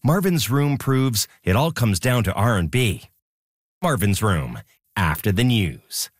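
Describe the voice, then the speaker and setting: A man's voice: lowish voice, sing-song, slow, no room sound, clean studio sound. A man reading station identification and a show promo in a polished announcer style.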